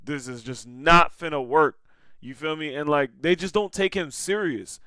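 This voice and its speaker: A man's voice: on the high side, normal speed, sharp tone, no room sound. A young man giving casual, slangy reaction commentary on a clip, saying "bro" again and again.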